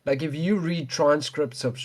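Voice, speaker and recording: A sarcastic man chats on a podcast in a slightly high voice. He swears freely and makes fun of what he hears. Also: measured pace. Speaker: podcast co-host. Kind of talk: casual chat.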